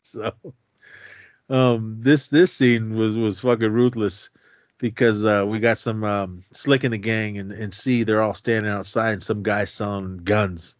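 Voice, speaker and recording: Speaking unhurriedly in a fairly low voice, a man co-hosting a podcast walks through a movie scene by scene in a casual, animated recap full of swearing and frequent laughter. The recording is dry and dull, from a lo-fi podcast mic.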